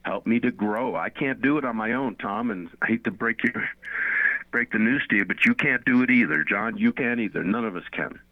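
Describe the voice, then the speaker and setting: On a Christian radio show, a man with a medium-pitched, brisk voice earnestly teaches, repeating phrases for emphasis. The recording is dry and sounds like a phone-like radio line, and the faith talk stays conversational.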